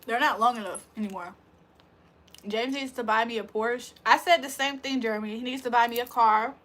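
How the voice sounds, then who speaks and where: A woman's voice: fairly high pitch, fairly quick, fairly bright tone. A woman livestreamer in casual chat, teasing and laughing as she answers viewer comments. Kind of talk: casual live-stream chat.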